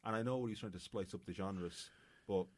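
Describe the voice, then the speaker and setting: A man co-hosting a podcast, chatting casually about films in a jokey, animated way. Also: on the low side, normal speed. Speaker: podcast co-host. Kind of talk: casual film chat.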